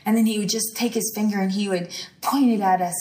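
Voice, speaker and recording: A woman's voice: mid-range voice, fairly even intonation, fast, darkish tone, recorded from a distance. Woman, emphatic sermon-style teacher, declarative, repeats phrases, roomy echo. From rural ranch country. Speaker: teacher at a healing school.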